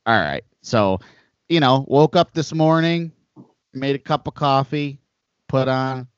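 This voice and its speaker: A man's voice: mid-range voice, slow, clear, resonant tone, no room sound. Man, podcast host, rambling storyteller, dry close sound, slightly dull audio. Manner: rambling storyteller, animated asides. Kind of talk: casual chat.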